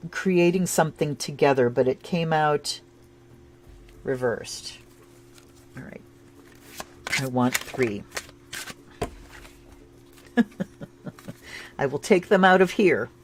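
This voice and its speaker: A woman's voice: deep voice, slow pace, pauses often. Chatty woman giving a tarot reading. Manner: rambling, chatty, with bursts of excitement. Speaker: tarot and astrology reader. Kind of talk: casual livestream tarot reading.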